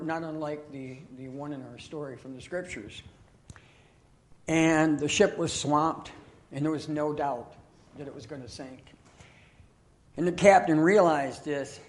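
A man preaching from the pulpit of a church, his voice sitting a little high for a man. He tells stories in a chatty, folksy way, pokes gentle fun at himself and leans on plenty of fillers. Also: slight background noise. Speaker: guest preacher. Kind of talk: sermon with storytelling. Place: church sanctuary.

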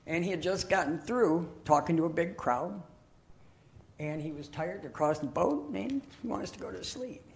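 A man preaching from the pulpit of a church, his voice sitting a little high for a man. He tells stories in a chatty, folksy way, pokes gentle fun at himself and leans on plenty of fillers. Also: expressive, moderate pace, creaky. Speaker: guest preacher. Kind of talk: sermon with storytelling. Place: church sanctuary.

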